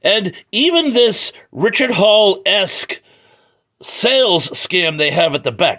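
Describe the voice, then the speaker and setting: Jokey comic reviewer, male, bright, slightly high voice, casual garage recording. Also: lively intonation, slow pace. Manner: joking, chatty, wry asides. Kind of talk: casual read-through review. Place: home garage.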